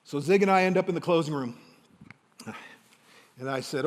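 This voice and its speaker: A man telling a motivational sales story on stage to a live audience, animated and enthusiastic, acting out the dialogue. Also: on the high side, normal speed. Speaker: motivational speaker and sales coach. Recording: long hall reverb.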